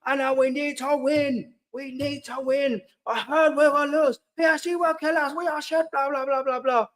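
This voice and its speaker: A man's voice: very high voice, fairly even intonation, normal speed, fairly bright tone, pitched above the performer's own voice. A man mimicking a whiny, pathetic male football fan in a sneering, sing-song voice. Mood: mocking.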